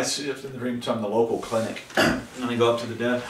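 A middle-aged man from Texas, a guest in an interview, telling about his dreams in an animated way, jumping to high exclamations when he acts out scenes. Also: fast talker, hardly any pauses, distant mic. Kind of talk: personal storytelling in an interview. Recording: roomy, from away from the mic, faint background hiss.

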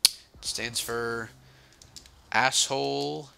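A young man giving casual, joking commentary while playing a zombie video game, sarcastic and swinging between mumbled asides and sudden yells. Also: mid-range voice, fairly even intonation, extremely slow, vocal fry, slight background noise. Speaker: gaming channel host.

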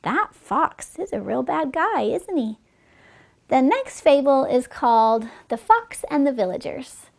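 A woman reading fables aloud to children as a storyteller, with gentle, chatty asides to her listeners. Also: high voice, big pitch swings, measured pace, gravelly.

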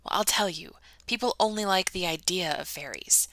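A woman reads the lines of a stout, scolding older storybook woman who is brusque and matter-of-fact, in a brisk mood. The voice is a little low, bright and crisp, at a moderate pace with no echo.

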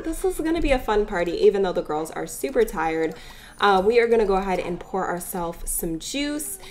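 A woman giving casual, playful commentary over a life-sim game. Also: mid-range voice. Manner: chatty, playful, voices the characters' chatter. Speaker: let's play gamer.

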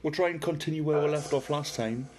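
Speaking fast in a slightly high voice over background noise, a middle-aged Geordie man from Newcastle, northeast England, chats casually on a paranormal livestream. He reads out viewer comments and addresses a spirit box.

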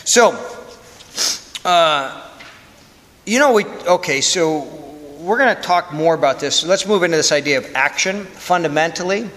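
A priest telling a story in a candid, conversational sermon with self-deprecating humor. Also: male voice, on the high side, expressive, a little slow, fairly bright tone. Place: church. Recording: long church reverb.

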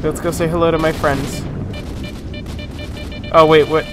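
A man casually commenting on his own gameplay, joking, swearing and reacting out loud as he plays. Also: fairly high pitch, level tone, unhurried, over music. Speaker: let's play gamer.

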